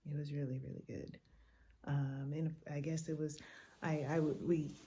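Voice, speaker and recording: A woman telling a chatty, animated travel story in a hotel room at night, tired and a little loopy. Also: sits low, moderate pace, slight background noise. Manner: chatty, animated retelling with quoted exchanges. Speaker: travel vlogger. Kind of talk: casual travel vlog storytelling.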